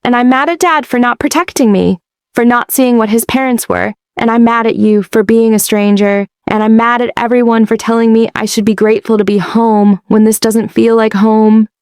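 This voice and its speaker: A woman's voice: on the high side, fairly even intonation, normal speed, darkish tone, clear, resonant tone, dry recording, clean studio sound, pitched above the performer's own voice, natural voice. A woman voicing a hurt, angry ten-year-old girl. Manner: pleading, raw, tearful.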